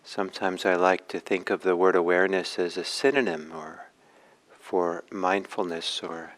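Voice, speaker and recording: A man leading a guided meditation talk as a meditation teacher, speaking gently with long pauses. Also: low-pitched, fairly even intonation, rough recording.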